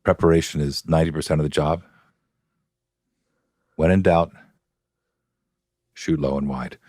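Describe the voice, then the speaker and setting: A man with a very deep, low voice settles into relaxed storytelling as a podcast guest, chuckling now and then. The sound is close and dry, with no room around it. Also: unhurried, dry recording. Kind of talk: casual chat. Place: podcast studio.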